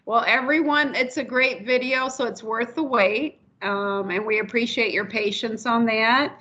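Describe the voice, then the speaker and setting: Female webinar host, chatty and advice-giving, somewhat high voice, dull call audio. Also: measured pace, bright, forceful tone. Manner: chatty, acts out people's voices when explaining. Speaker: puppy development staff host. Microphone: video call. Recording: muffled video call audio.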